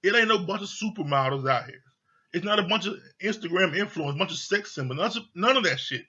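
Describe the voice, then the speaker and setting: A man's voice: sits high, expressive, fast talker, pushed and bright, slightly rough, lo-fi sound. A man giving a casual, profanity-laced review of a TV show, blunt, exasperated and mocking.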